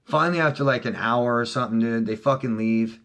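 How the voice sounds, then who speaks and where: Talking a little fast, this middle-aged man, a relationship coach, addresses viewers casually and heatedly, with plenty of profanity. His delivery lurches from loud bursts to low, quiet passages.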